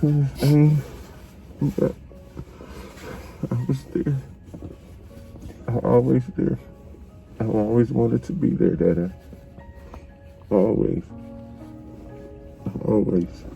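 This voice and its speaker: Tearful middle-aged father, soft and emotional. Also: mid-range voice, slow pace, vocal fry, long pauses, soft background music. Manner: tearful, tender, repeating himself. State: crying. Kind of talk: emotional family conversation.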